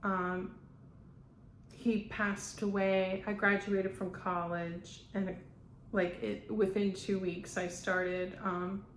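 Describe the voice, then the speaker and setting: A woman in her fifties, a medium, talking in a rambling, halting way with frequent fillers and laughter. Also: mid-range voice, flat delivery. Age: 50s. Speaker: spiritual medium. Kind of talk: casual channeling monologue. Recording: echoey room with faint background noise.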